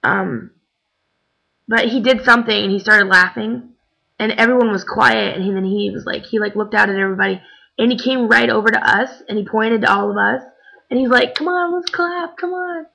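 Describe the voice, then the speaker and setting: Tired young woman rambling, gravelly. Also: mid-range voice, fairly even intonation, fairly quick, sharp tone. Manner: chatty, rambling, lots of "like" and "um". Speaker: vlogger. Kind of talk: casual chat. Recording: dull lo-fi webcam recording.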